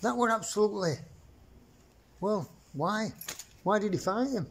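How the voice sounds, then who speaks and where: Man, fairly high voice, blunt repeated points, faint hiss under it. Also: expressive, measured pace. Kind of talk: casual interview chat.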